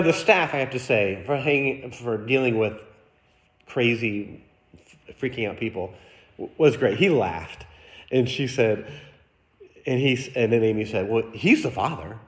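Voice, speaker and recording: A man's voice: mid-range voice, expressive, moderate pace. Middle-aged man, pastor, storytelling sermon with acted quotes, echoey sanctuary. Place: church sanctuary.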